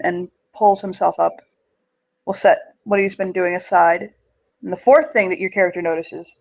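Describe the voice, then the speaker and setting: A game master narrating a tabletop game, giving halting, filler-heavy descriptions of scenes and characters. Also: medium pitch, low-quality recording.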